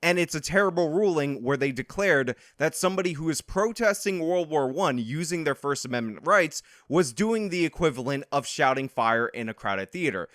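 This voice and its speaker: Combative male commentary host, sarcastic and lecturing, slightly high voice, dry close sound. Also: expressive, normal speed, hardly any pauses, fairly bright tone, dry recording. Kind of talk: reaction commentary.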